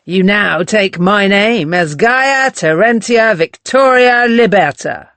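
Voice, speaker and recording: Reader voicing a cold commanding pimp, clipped, dry studio sound. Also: male voice, high-pitched, animated, takes it slowly, pushed and bright, clear, resonant tone, dry recording, pitched above the performer's own voice, exaggerated voice. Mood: solemn. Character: hard domineering brothel master, man.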